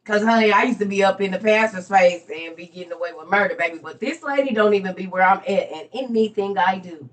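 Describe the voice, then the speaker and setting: A woman who makes social media videos, casually telling a story to her viewers and breaking into loud, laughing outbursts. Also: medium pitch, quick pace, few pauses. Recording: voice a bit far from the mic.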